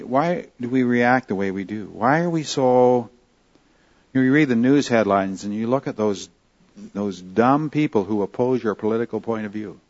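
A man preaching a teaching sermon in a conversational way, often checking in with his listeners and slowing down to stress key phrases. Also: medium pitch. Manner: conversational, asks the room questions. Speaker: pastor. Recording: slightly dull lo-fi sound.

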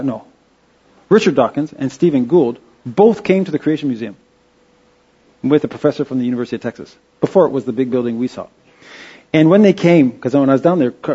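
Halting man giving a slide talk. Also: mid-range voice, warm tone, slightly rough, highs cut off. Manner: halting, many restarts and fillers. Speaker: presenter. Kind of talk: informal slide-show talk.

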